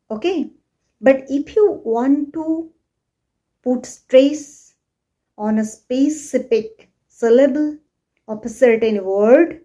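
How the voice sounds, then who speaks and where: A young woman teaching English, explaining slowly and repeating points while checking that the learners follow. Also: a little high, warm tone. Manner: slow, repetitive explaining, checks understanding. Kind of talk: spoken English lesson.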